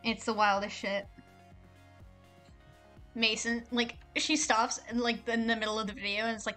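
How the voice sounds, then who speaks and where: A woman's voice: on the high side, fairly even intonation, pushed and bright, faint music behind. A woman streamer chatting casually and jokingly while reading a visual novel aloud. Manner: rambling, joking, fast with fillers.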